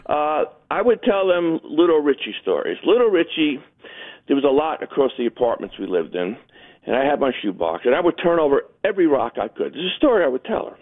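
Male caller, lively joke-teller, slightly high voice, thin phone-line sound. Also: a little fast. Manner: animated joking storyteller. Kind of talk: phone-in storytelling.

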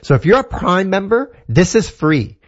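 A man's voice: high voice, big pitch swings, moderate pace, lo-fi sound. A man from Canada explaining tech in a casual, enthusiastic, rambling way, with lots of fillers and restarts. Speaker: tech guest. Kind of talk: casual tech talk segment.

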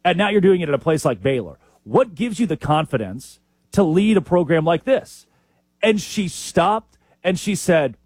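A man co-hosting a sports talk show, telling animated stories with lots of impressions. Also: fairly high pitch, a little fast, husky, no room sound. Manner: animated storyteller, lively impressions. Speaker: sports podcast co-host.

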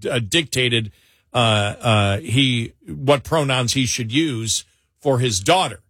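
A man co-hosting a talk radio show, giving opinionated commentary with chuckles and quick repeated asides. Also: medium pitch, fairly bright tone, slightly rough, no room sound, clean studio sound. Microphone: studio mic.

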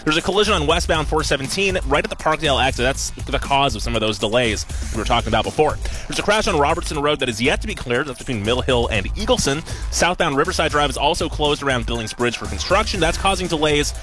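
A man giving the weather and traffic report on radio in a brisk, upbeat way. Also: fairly high pitch, expressive, a bit bright, soft background music.

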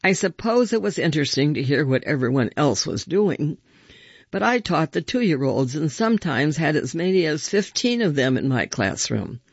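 A man reads first-person stories aloud in a measured, expressive way. His voice is fairly high, gravelly and husky. The recording is dry, close and a bit muffled. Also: no room sound. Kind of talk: reading a story aloud.

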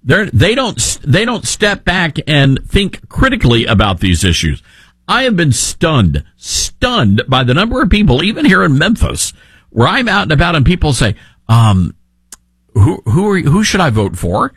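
A man's voice: fairly high pitch, wildly swooping pitch, moderate pace, a bit bright, husky, no room sound, studio quality. A man hosting a talk radio show, giving an opinionated monologue in an emphatic way with frequent restarts.

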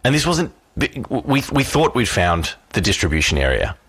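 A male radio host telling an anecdote, animated, acting out the voices of the people in it. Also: fairly low pitch, moderate pace, slightly rough, no room sound. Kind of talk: radio banter.

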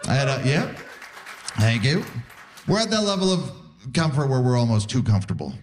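A man's voice: mid-range voice, fairly quick, slight background noise. A man, performing a stand-up comedy routine and acting out the voices in his stories. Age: 40s. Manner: animated storytelling, acts out voices.

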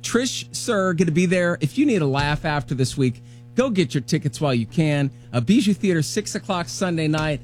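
A man's voice: on the high side, expressive, normal speed, faint music behind. A man hosting a radio talk show, chatting in an easygoing, chummy way. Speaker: radio host.

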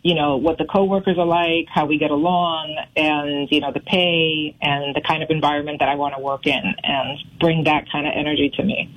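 A woman calling in to a radio show by phone, speaking in a laid-back, hesitant way with halting restarts. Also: low voice, little pitch movement, rough recording. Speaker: caller. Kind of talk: phone-in chat.

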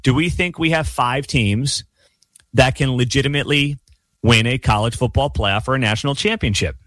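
A man's voice: medium pitch, moderate pace, a bit bright, no echo. A man hosting his own sports commentary show, ranting emphatically with a sarcastic edge. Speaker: sports talk host. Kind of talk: opinionated solo commentary.

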